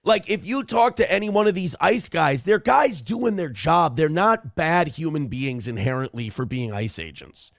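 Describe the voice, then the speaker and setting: A man's voice: fairly high pitch, lively intonation, normal speed, vocal fry, hardly any pauses, no room sound, studio quality. A man hosting a morning show, giving blunt, profane political commentary in a ranting way. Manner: blunt, ranting, swears often.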